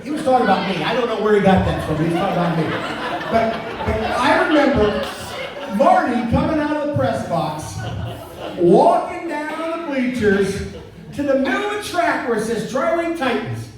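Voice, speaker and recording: A man's voice: very high voice, lively intonation, normal speed, crowd noise. A middle-aged man giving a casual retirement roast speech, rambling through stories with stumbling restarts and chuckles. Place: indoor party venue. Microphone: phone camera far from the speaker. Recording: echoey, distant, faint room noise.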